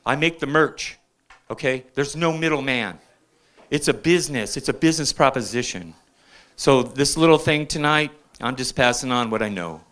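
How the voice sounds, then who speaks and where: Older man, bright forceful comic. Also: medium pitch, normal speed. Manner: chatty, keeps checking in with the crowd. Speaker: open mic comedian. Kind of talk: rambling stand-up storytelling. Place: bar stage at an open mic.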